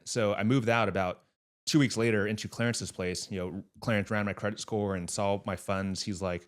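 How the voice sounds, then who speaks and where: A man's voice: lowish voice, fairly even intonation, normal speed. A man being interviewed about real estate, talking in an earnest, emphatic, motivational way. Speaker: real estate investor guest. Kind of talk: casual interview talk.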